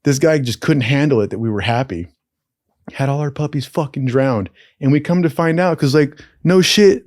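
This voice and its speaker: A man's voice: on the high side, no echo. Profane storytelling man, dry close mic. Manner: profane, animated, acts out voices in his stories. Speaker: podcast host telling stories. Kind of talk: casual storytelling.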